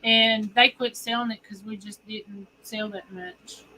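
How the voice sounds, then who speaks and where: Lady, real bright voice, laughs a lot, faint hum behind. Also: medium pitch, steady tone, measured pace, low-quality recording. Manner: laughs often, relays messages. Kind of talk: casual chat.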